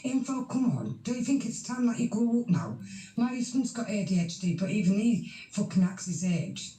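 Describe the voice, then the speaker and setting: A woman's voice: medium pitch, expressive, moderate pace, warm tone, echoey room. A woman in a heated casual voice chat, blunt and sweary as she tells someone off. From Yorkshire, England. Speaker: voice chat participant.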